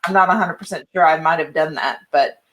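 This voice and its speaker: A woman's voice: low voice, a little fast, a bit bright. A woman hosting a podcast, chatting casually in a playful, teasing way. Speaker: podcast host. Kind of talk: casual chat.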